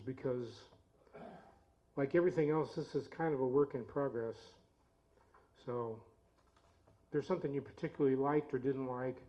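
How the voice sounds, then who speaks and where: A man leading a church service, telling a homespun family story in a relaxed, chatty way. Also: mid-range voice. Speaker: lay service leader and storyteller. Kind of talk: folksy storytelling with guitar songs. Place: church sanctuary. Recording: dull lo-fi recording with loud guitar. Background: guitar playing.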